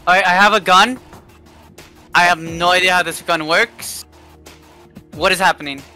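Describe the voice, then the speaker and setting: A young man playing a video game with a friend, chatting casually with deadpan, mumbled jokes. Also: high-pitched, normal speed, faint music behind. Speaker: guest gamer. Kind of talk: casual gaming chat.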